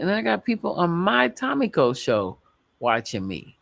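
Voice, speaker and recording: Middle-aged woman, livestream host; chatty and rambling, with a gravelly edge. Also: on the low side, huge pitch swings, normal speed, no room sound. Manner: chatty, rambling, laughs often. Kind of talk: casual livestream chat.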